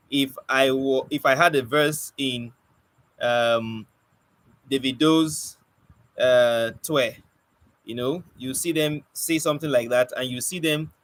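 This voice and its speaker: A man's voice: medium pitch, low-quality recording. A man, giving an informal spoken lesson on poetry and often stopping to search for words. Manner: conversational, restarts and searches for words. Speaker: poetry teacher. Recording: faint background noise.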